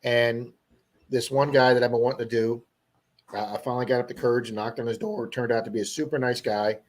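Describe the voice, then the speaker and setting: Man telling a story, casual and animated. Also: mid-range voice, fast talker. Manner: animated storyteller who acts out quoted people. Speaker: livestream co-host.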